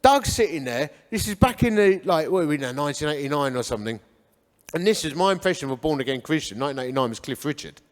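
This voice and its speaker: A guest speaker from Hornchurch, England, tells his life story with humor in an echoey church hall, acting out the dialogue as he goes. His voice is fairly high, with lively intonation and a quick pace.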